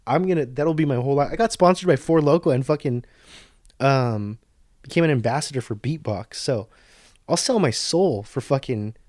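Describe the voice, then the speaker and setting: A man's voice: mid-range voice, no echo. Profane, rambling young man, dry close sound. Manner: profane, rambling, excitable, laughs at his own jokes. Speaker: podcast host. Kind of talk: casual solo podcast rant.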